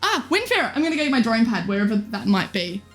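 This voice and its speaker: Bubbly woman streamer, fairly high. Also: big pitch swings, quick pace, faint music behind. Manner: bubbly, giggly, teasing. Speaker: live streamer. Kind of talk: casual chat reading viewer comments.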